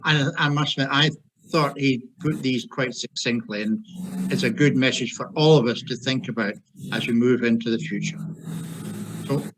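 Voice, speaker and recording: A man's voice: medium pitch, moderate pace, a bit bright, slight background noise, rough recording. A man with a Scottish accent moderating and wrapping up a panel on a video call, with dry humor.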